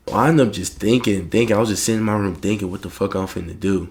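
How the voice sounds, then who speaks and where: A young adult man telling a casual storytime monologue in a profane, slangy, animated way. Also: fairly low pitch, fast talker, vocal fry, few pauses.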